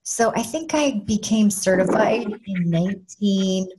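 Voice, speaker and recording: A woman from Kansas with a Kansas accent, an animated and playful storyteller chatting as a guest in an interview. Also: mid-range voice, a little slow. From Kansas, USA. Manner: animated storyteller, playful, bursts into sing-song. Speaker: guest, motivational speaker. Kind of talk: casual interview chat.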